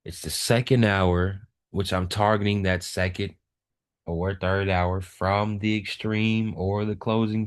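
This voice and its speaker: A man giving a trading lesson over a screen share, emphatic and repeating his key points. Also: low voice. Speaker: trading educator.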